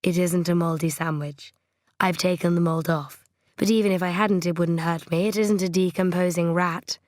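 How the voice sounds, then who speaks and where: A woman voicing a calm, practical woman character in an audiobook, speaking matter-of-factly. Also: fairly low pitch, normal speed, no echo, studio quality, natural voice.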